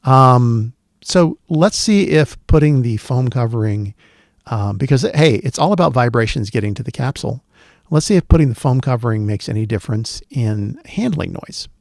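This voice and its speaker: A man's voice: mid-range voice, expressive, moderate pace, gravelly, a little mellow, dry recording. A man hosting a casual gear review video, chatting and thinking aloud with plenty of fillers into a studio dynamic microphone in a small home studio. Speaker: tech video host.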